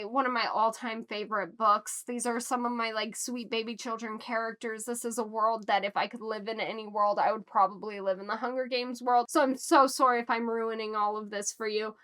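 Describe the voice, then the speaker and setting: A woman's voice: a little high, a bit bright. A woman vlogger reviewing a book she loves, talking straight to her viewers in a gushing, emotional way. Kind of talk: casual book review vlog.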